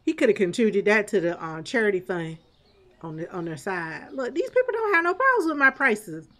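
A woman's voice: mid-range voice, sing-song, brisk, sharp tone. A woman streamer giving chatty live gameplay commentary, laughing often and talking back to chat and the game's customers.

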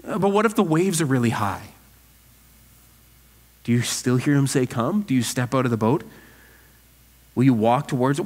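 Male pastor, slightly high voice, earnest sermon, long church reverb. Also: normal speed, long pauses. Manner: earnest, animated preaching with rhetorical questions. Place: church sanctuary.

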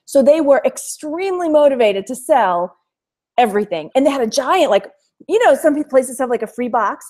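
A woman's voice: sits high, animated, moderate pace, darkish tone. A chatty woman with a Texan accent hosting a live thrift haul stream, laughing often and reading viewer comments aloud. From Texas. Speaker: thrift haul livestream host. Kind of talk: casual live-stream chat.

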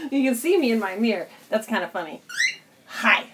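A woman's voice: on the high side, big pitch swings, a little slow, background noise. A woman streaming cosplay work from home, chatting casually with viewers and her pet bird, laughing often. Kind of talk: casual live stream chat.

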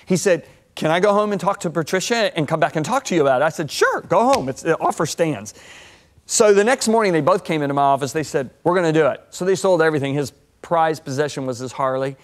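A man in his sixties, speaking as a guest on a TV talk show. He tells stories with a sermon-like drive, his voice sitting a touch high and leaping higher when a story peaks. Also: quick pace. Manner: lively, swings pitch up and down while telling stories.

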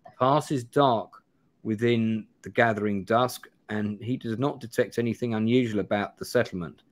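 A man's voice: on the low side, moderate pace. Man reading a gamebook aloud. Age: 40s. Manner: reads aloud with frequent restarts and asides. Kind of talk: live gamebook play-through.

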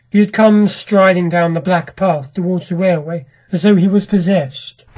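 A podcast narrator reading a classic short story aloud in a measured, dramatic way. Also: mid-range voice, a little mellow, a little hiss or hum, low-quality recording. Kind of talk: scripted audiobook narration.

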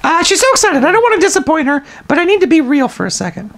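A woman chatting through a let's play with a high, bright-pitched voice that leaps up and down. She is giggly and playful, joking and reading the game aloud in bouncy banter. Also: very animated, fast talker.

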